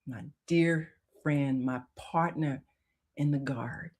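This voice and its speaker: Brief: female radio host, deep voice, heartfelt spiritual storytelling, shifts from hushed to loud. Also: takes it slowly. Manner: emotional, swings from hushed to loud; conversational, many "you know" fillers. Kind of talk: personal storytelling on spiritual topics.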